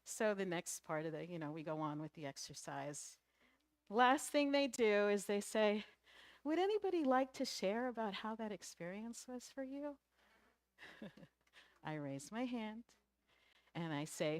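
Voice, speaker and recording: A middle-aged woman minister giving a sermon, telling a personal story with lively, emotional delivery. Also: mid-range voice, a little slow, long pauses, no echo.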